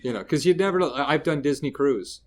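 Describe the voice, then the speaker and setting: A man's voice: fairly high pitch, fast talker, a little hiss or hum. A man from Canada, a comedian guest in a casual interview, telling stories and acting out the people in them. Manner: animated, acts out quoted people mid-story.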